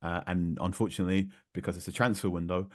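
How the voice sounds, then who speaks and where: A man, a football journalist guest talking through tactics on a podcast, animated and prone to repeating words for emphasis. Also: low voice, quick pace, no room sound, clean studio sound. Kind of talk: conversational podcast analysis.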